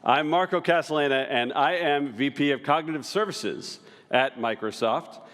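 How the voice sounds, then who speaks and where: A man's voice: fairly high pitch, normal speed, a bit bright. A middle-aged man presenting a live product demo at a conference, upbeat and chatty, with casual asides, speaking into a stage microphone in a large hall. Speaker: tech executive presenting a conference session. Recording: hall with long reverb.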